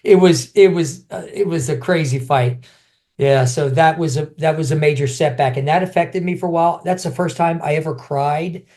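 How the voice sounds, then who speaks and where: This middle-aged ex-champion kickboxer shares anecdotes during an easygoing interview, voice on the high side and pace moderate. He's animated throughout, repeatedly beginning again and performing other people's voices.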